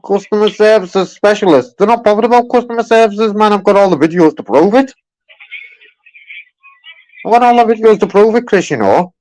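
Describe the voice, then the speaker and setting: On a phone call, a man with a high-pitched, darkish voice insistently presses a customer service agent about his complaint. He speaks a little fast, repeats himself, and keeps dropping in "man" and "mate." There is no echo.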